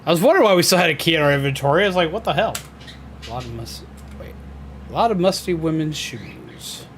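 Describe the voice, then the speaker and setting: A man's voice: a little high, sing-song, fast, a little hiss or hum. A young man playing a horror game and chatting casually, swearing and rambling with lots of fillers. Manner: laid-back, swears, loose filler-heavy storytelling. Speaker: gamer. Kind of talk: casual let's-play chat.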